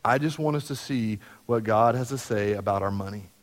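A man preaching a sermon as pastor, talking conversationally and acting out everyday dialogue. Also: normal speed. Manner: conversational, acts out everyday dialogue with lively jumps in pitch. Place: church sanctuary. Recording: long hall reverb from the sanctuary.

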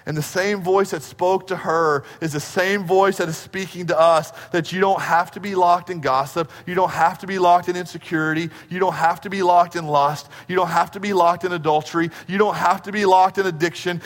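Pastor preaching in a reverberant hall. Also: male voice, sits high, fairly even intonation, fairly quick, hardly any pauses. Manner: preaching with rising urgency. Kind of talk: sermon. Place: church sanctuary.

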